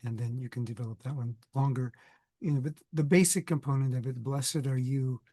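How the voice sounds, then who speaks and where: A man's voice: medium pitch, quick pace, warm tone, no room sound. Older man with a cold, video lecture, digressive and conversational, dry close sound. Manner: conversational, digressive, self-correcting. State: has a cold, coughing. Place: indoors, recording for video.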